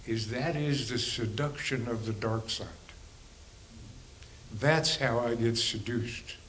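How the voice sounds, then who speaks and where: A man's voice: mid-range voice, slight background noise, rough recording. Musing man giving a spiritual talk. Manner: conversational, musing, with rhetorical questions and chuckles. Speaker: spiritual teacher and counselor. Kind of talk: reflective spiritual talk to a congregation.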